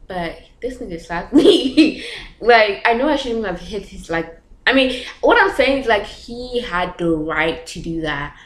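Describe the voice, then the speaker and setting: A woman's voice: medium pitch, lively intonation, a little slow, fairly bright tone. A young woman vlogger telling a story in a casual, chatty way, full of filler words and nervous laughs. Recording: echoey room.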